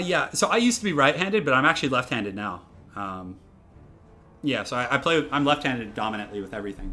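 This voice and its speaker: Male live-stream gamer, casual chatty commentary, mid-pitched, repeats himself, faint music under. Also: sharp tone. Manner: chatty, repeats phrases, answers chat. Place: room at home.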